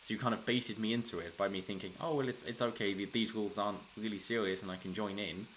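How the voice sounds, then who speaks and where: A man talks through political news in a loose, rambling way, restarting sentences and chuckling as he goes. His voice sits very low. A faint hiss of noise runs behind the recording. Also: fairly even intonation, quick pace, fairly bright tone. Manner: rambling, frequent restarts, chuckles while talking. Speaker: political commentary channel host. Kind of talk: casual solo commentary.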